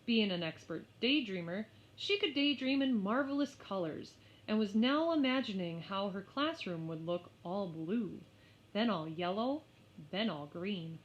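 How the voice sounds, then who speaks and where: A woman narrating a children's story aloud in an expressive, unhurried way. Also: medium pitch. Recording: slightly muffled lo-fi.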